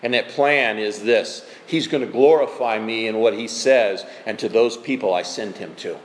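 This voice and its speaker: A preacher lowering his voice for a firm divine voice. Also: close to an everyday voice. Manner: firm, measured. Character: calm, commanding divine voice. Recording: echoey hall.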